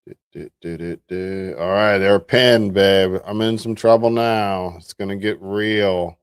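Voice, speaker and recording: A man's voice: sits low, steady tone, a little slow, clean tone, no room sound, clean studio sound. A man hosting a livestream in casual chat, laid-back and talking through what he is doing. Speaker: livestream host.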